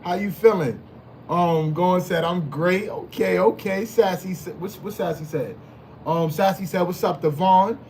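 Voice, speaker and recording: A man's voice: high voice, a little slow, gravelly, a little mellow, a little hiss or hum. A man hosting a casual live stream, hyped and slangy, greeting chat members by name and repeating his phrases. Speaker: livestream host.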